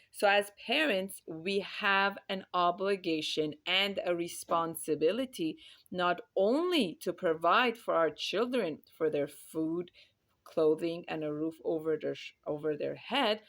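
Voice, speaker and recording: Earnest woman with a slightly low voice, parenting talk, emphatic and repetitive in her phrasing. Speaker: parenting speaker.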